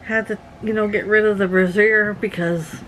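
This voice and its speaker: A woman's voice: mid-range voice, fairly even intonation, moderate pace, fairly bright tone, a little hiss or hum, rough recording. A middle-aged woman from Canada hosting a casual vlog, giggling often and talking to her viewers like friends. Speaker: vlog host.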